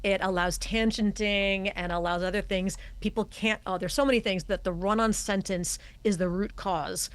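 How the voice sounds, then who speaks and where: A woman's voice: medium pitch, fairly even intonation, normal speed, hardly any pauses. A middle-aged woman, a communication coach, who explains her points emphatically and acts out voice habits as examples during a podcast interview. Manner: emphatic, demonstrates voice habits as she talks.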